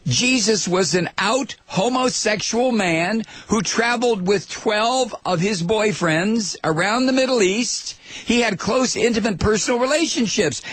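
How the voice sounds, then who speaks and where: Sarcastic, husky-voiced talk radio host. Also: male voice, no room sound. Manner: sarcastic, mocking, swings between loud outrage and low muttering. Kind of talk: political talk radio monologue.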